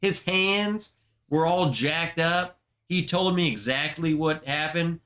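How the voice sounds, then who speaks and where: A man hosting a casual livestream chat, telling a story in a slow, emotional, slangy way, close to tears. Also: a little high, bright, forceful tone. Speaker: livestream host.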